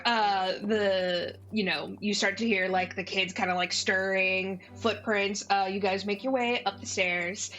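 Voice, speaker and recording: A woman's voice: medium pitch, sharp tone. A woman narrating as game master in a loose, filler-heavy storytelling manner.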